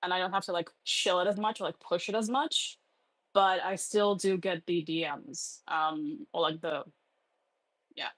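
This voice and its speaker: A woman's voice: on the low side, steady tone, moderate pace, a bit bright, no room sound, low-quality recording. A woman hosting a casual online community call, chatty and full of filler words. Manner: chatty, lots of "like" and "um". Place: home over an online audio room.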